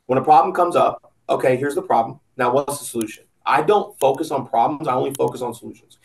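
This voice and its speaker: A man's voice: medium pitch, fast talker, creaky, low-quality recording. A man talking casually and bluntly as a podcast guest, giving motivational advice and swearing freely. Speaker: podcast guest, business owner.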